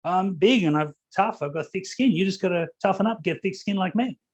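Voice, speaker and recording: A man's voice: high-pitched, fairly quick, husky, lo-fi sound. A hefty storybook rhino, smug and blunt, who waves off every problem with the same advice, voiced by a man reading aloud. He is matter-of-fact and dismissive. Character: big tough male rhino, blunt and smug.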